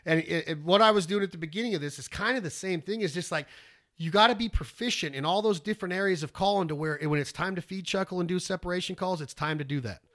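A man, teaching duck calling in a rambling, folksy way, breaking into loud duck calls. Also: high-pitched, fast talker. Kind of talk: casual instructional talk.

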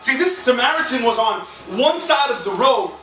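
A man's voice: very high-pitched, very animated, normal speed, pushed and bright. A man preaching a sermon as pastor, telling stories in a conversational, humorous way and drawing responses from the congregation. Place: church sanctuary. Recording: echoey hall from far off, with music.

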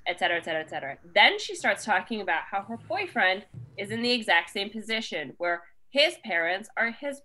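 A woman hosting a podcast, reading listener questions aloud and giving her opinions in an animated way, laughing often. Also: medium pitch. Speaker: podcast host.

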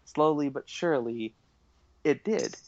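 A man's voice: fairly high pitch, measured pace, dry recording, dull audio. A young man in casual podcast chat, rambling with many fillers and frequent laughs. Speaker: podcast co-host.

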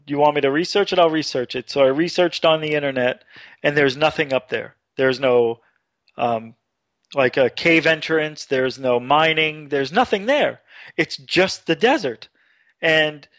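Guy telling a wild story on a radio show, kinda high voice, dry muffled audio. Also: moderate pace, no room sound. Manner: animated storyteller, rising pitch when excited.

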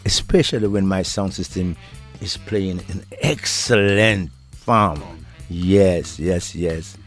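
A man's voice: low-pitched, takes it slowly. An older man with a Jamaican accent, a reggae deejay giving an interview and reminiscing in a laid-back way, laughing often. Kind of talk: relaxed reminiscing conversation. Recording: interview with faint music behind.

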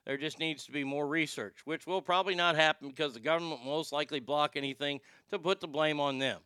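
Profane, ranting high-voiced male host. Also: fast, bright, forceful tone, clean tone, no room sound. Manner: profane, heated, sarcastic. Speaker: show host. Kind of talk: ranting commentary.

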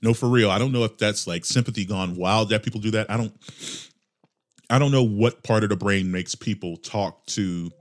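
A man hosting a comedy podcast, delivering a casual, profane monologue with lively swings in pitch and loudness. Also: normal speed. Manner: animated, profane ranting with mock voices. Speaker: podcast host.

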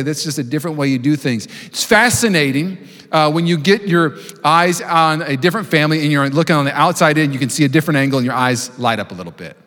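A man in his thirties preaching a sermon to a congregation, telling stories with acted-out voices and building to loud preaching. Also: on the high side. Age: 30s. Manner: storytelling, acts out voices, rising to loud preaching. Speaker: pastor. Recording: long hall reverb.

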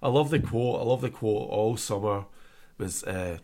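A man's voice: lowish voice, normal speed, darkish tone. A man co-hosting a podcast, joking and ranting in casual chat with lots of laughter. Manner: jokey, ranting, laughs a lot. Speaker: podcast co-host.

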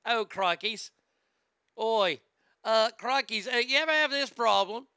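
A man putting on a hammy fake British accent, playing a prince as an infomercial pitchman, and the accent keeps slipping toward Australian. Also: measured pace, pushed and bright, clear, resonant tone, no room sound, studio quality, exaggerated voice.

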